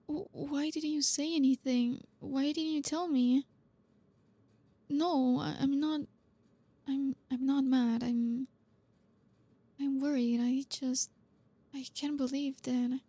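A woman voicing a blunt, reserved young woman who is gruff but caring, talking to the listener in an audio role-play in a halting, awkward way. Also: high-pitched, mellow, no echo, full character voice. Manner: halting, awkward, stumbling over words.

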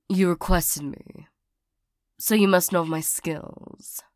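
A young woman playing the listener's hurt ex-lover turned bodyguard in an audio role-play. She talks haltingly, stammering and sighing often. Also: fairly low pitch, no room sound, studio quality. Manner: halting, stammering, frequent sighs.

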